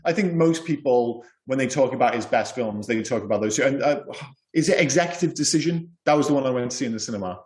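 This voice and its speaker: A man's voice: mid-range voice, animated, fast, darkish tone. A man co-hosting a film podcast, rambling and chatty, with lots of restarts. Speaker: podcast co-host. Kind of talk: casual film chat. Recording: echoey room.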